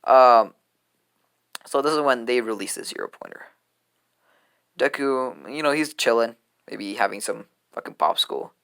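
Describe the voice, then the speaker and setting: A man's voice: mid-range voice, normal speed, creaky, pauses often, fairly bright tone, clean tone. A man casually improvising a fan story, rambling and offhand, with lots of fillers and restarts.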